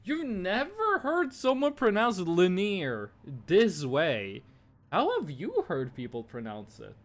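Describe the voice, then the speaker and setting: Give me a young male streamer, unhurried and playful, chatting with viewers as he plays. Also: high-pitched. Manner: playful, teasing, answers chat while playing. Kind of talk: casual live game stream chat.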